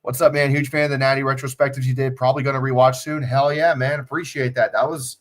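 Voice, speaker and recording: This livestream host has a medium-pitched, level voice and talks quickly. Recorded on a phone, he chats casually, swears freely, and keeps things off the cuff.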